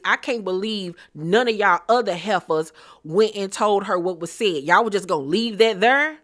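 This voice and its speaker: A woman's voice: mid-range voice, fairly bright tone. A woman recapping a reality TV episode in a casual, dramatic, opinionated way, repeating words for emphasis.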